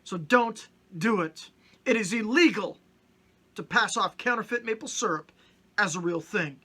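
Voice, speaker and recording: A man's voice: high-pitched, measured pace, bright, forceful tone. A middle-aged man from Canada hosting a casual comedic vlog, joking and acting out little mock-stern scenes. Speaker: vlogger host.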